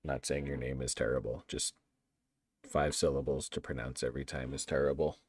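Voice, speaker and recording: A man's voice: rumbling low, flat delivery, brisk, husky. A man chatting casually on a livestream while building a game map, playful and talkative as he answers viewer chat.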